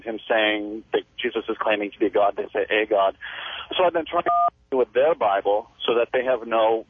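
A man's voice: lowish voice, moderate pace, breathy edge, no room sound. Male caller on a tinny phone line. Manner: hesitant, restarts, explains earnestly. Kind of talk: phone-in discussion.

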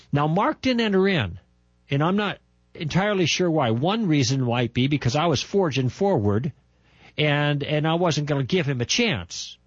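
An older man telling a personal testimony in an emphatic, animated storytelling manner, with a husky voice. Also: mid-range voice, no room sound, dull audio. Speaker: testimony speaker.

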